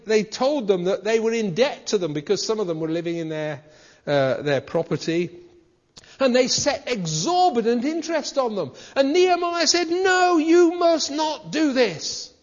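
A man preaching a sermon in a conversational way, asking his listeners questions. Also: sits high. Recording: dull recording with hall reverb.

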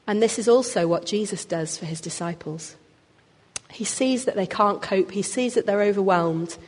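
A woman's voice: mid-range voice, moderate pace. A woman preaching a sermon. She talks expressively and pushes harder on the key words. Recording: long hall reverb.

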